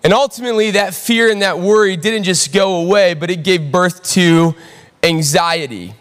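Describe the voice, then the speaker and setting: High-voiced man preaching in a hall. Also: moderate pace. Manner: storytelling, animated, audience call-outs. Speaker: pastor. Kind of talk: sermon. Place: large church auditorium. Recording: long hall reverb.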